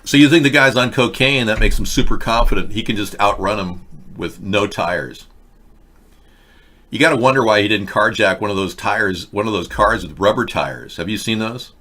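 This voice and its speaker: A man hosting a live online talk show, rambling through casual commentary with wry asides to his viewers in a fairly monotone voice. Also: on the low side, normal speed. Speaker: host.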